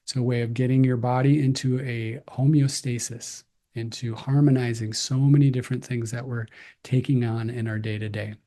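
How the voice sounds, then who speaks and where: A man giving slow, calm, gentle breathing cues as a breathwork instructor. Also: mid-range voice.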